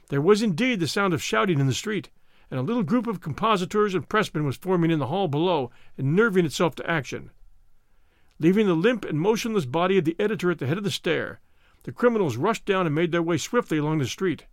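A man hosting a show and reading a story aloud in a measured storytelling manner. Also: high voice, lively intonation, no room sound, clean studio sound. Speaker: host and reader. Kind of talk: audiobook narration.

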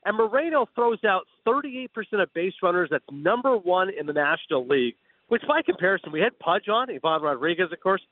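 A man calling in as a guest broadcaster, telling stories with enthusiastic, rapid energy. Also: high voice, lively intonation, dry recording, narrow, tinny audio. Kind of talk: call-in radio interview. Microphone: phone line.

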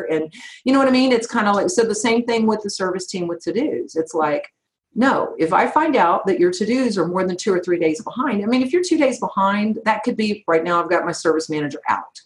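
A middle-aged woman who owns an insurance agency, talking firmly and directly in an interview. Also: mid-range voice. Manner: firm, emphatic, direct. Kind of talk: conversational interview answers. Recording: roomy echo.

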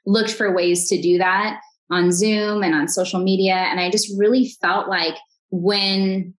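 A woman in her thirties, a podcast guest, talking earnestly and warmly upbeat in a conversational interview, often restarting her sentences. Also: medium pitch, steady tone, unhurried, low-quality recording.

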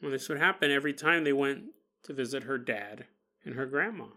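A male podcast host narrates a paranormal tale with lively, animated delivery, repeating and restarting words as he goes. His tone is bright and forward. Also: medium pitch, fairly quick. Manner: animated retelling with acted-out quotes and stumbles.

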